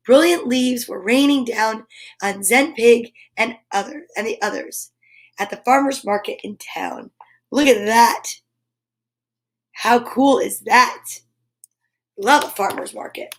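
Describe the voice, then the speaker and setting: A woman reading a children's picture book aloud on a livestream, gentle and enthusiastic, often dropping to a whisper. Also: a little high, slow pace. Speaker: storyteller.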